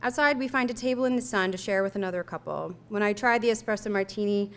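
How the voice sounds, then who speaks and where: A young woman reads her memoir aloud to listeners. Her voice is smooth and clear and sits at a middle pitch. She tells the story in an unhurried, reflective way. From United States. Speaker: author reading her own essay. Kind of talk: reading a personal memoir aloud.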